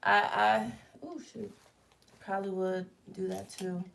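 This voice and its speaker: Woman, gravelly voice, casual live stream, chatty, talks to viewers, explains each step, at home. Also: medium pitch, steady tone, unhurried, fairly bright tone. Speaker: host of a live merch-making stream. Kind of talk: casual live chat while crafting. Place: at home in a living room.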